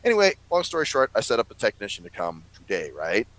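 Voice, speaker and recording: A man's voice: lowish voice, wildly swooping pitch, fast talker, a bit bright, no room sound, poor audio. A man rambling through a long story in casual chat, swearing freely and laughing often. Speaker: podcast co-host.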